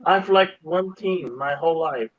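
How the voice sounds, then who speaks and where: A man co-hosting a podcast, chatting casually, halting and repeating his words. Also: on the high side, muffled recording, crowd noise. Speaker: podcast co-host. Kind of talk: casual chat.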